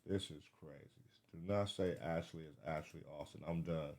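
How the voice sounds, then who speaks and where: A man giving live reaction commentary, excitable, swearing and thinking aloud as he searches. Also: very deep voice, moderate pace. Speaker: reaction streamer.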